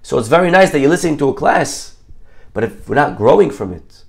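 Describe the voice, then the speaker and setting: Gravelly rabbi telling a parable. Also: male voice, fairly high pitch, fairly quick. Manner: animated storyteller acting out characters' lines. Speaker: rabbi teaching a Torah class. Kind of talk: storytelling sermon.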